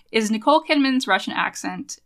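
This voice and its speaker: A woman's voice: on the high side, lively intonation, moderate pace. A woman co-hosting a podcast, chatting casually and animatedly, laughing often and trailing off mid-thought. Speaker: podcast co-host. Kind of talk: casual chat.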